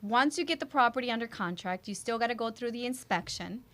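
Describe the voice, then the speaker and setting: Fast-talking woman podcast host. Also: fairly high pitch, expressive, a bit bright. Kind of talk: casual podcast discussion.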